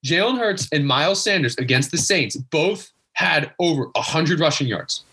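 A man's voice: a little high, expressive, moderate pace, pushed and bright, slightly rough. A young man ranting as a guest sports fan in casual chat, exasperated and emphatic, repeating himself as he argues. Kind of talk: casual rant.

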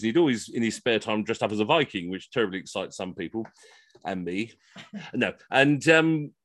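A man's voice: mid-range voice, a bit bright, no echo. A middle-aged man and costumed history entertainer, telling rambling, self-mocking comic stories over a video call from home.

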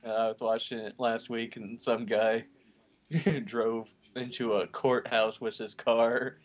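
Slow halting guy chatting with buddies, dull lo-fi sound. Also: mid-range voice, flat delivery. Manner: hesitant, halting, chuckling. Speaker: friend watching a movie. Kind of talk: casual chat. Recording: dull lo-fi home recording.

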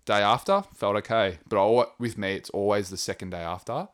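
A man's voice: lowish voice, brisk. A man co-hosting a podcast, telling stories in a casual, rambling way with lots of swearing. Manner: rambling, swears freely, acts out quotes. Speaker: podcast co-host. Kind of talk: casual storytelling chat.

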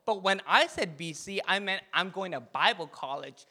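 A man's voice: high voice, animated, normal speed, sharp tone, some chatter behind. A young man preaching to a youth group in a playful style, quizzing listeners by name and telling his own story. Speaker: youth pastor.

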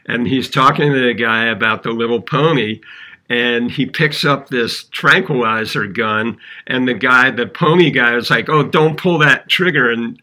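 A man co-hosting a podcast, chatting casually and telling stories in an animated way. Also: medium pitch. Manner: animated storyteller, chuckles while recounting funny stories. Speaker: podcast co-host. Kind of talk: casual conversational podcast chat.

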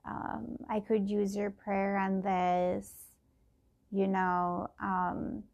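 A woman's voice: mid-range voice, flat delivery, extremely slow, gravelly, darkish tone, lo-fi sound. A middle-aged woman thinking aloud in a casual personal podcast, meandering and full of fillers and restarts.

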